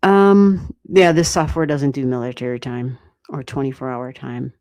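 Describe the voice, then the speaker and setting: An American woman giving astrology readings on a livestream, thinking aloud and chatting with viewers in a relaxed way, with the odd swear word. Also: a bass voice, normal speed. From United States. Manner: thinks aloud, talks to chat, mild swearing. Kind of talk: casual livestream chat.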